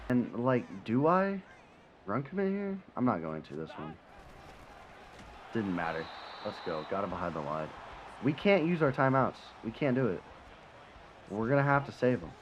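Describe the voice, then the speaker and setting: Young guy yapping over a football game, lively pitch, swears a lot, kinda muffled audio w faint hiss. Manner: animated, swears, swings from frustration to excitement. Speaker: gaming commentator. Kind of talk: casual gameplay commentary. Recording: slightly dull sound, faint background noise.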